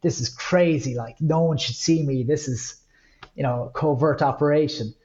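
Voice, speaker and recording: A man's voice: fairly high pitch, normal speed, lo-fi sound. A middle-aged Irish man from Ireland, a guest candidly telling his personal story in an interview, acting out quotes now and then. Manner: candid, reflective, with lively acted-out quotes.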